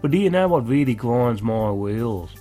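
A man's voice: medium pitch, expressive, normal speed, warm tone, soft background music, pitched above the performer's own voice, lightly acted. A man voicing a brash, sarcastic male security chief. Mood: mocking. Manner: sarcastic, teasing.

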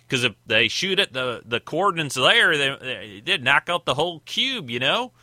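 Bright-voiced man rambling about a film. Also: fairly high pitch, big pitch swings, unhurried, no room sound. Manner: rambling, thinking aloud with many restarts. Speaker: host. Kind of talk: casual film commentary.

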